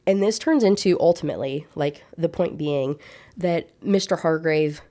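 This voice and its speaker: A woman's voice: low-pitched, normal speed. A young woman vlogger chattily recapping a classic novel, with lots of casual fillers. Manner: chatty, animated, many "like" fillers. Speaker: book review vlogger.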